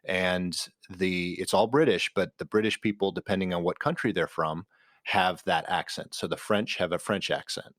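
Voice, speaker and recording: A man's voice: deep voice, steady tone, moderate pace, fairly bright tone, no echo, studio quality. A man co-hosting a podcast in casual chat, rambling with many fillers as he keenly recommends things. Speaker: podcast co-host.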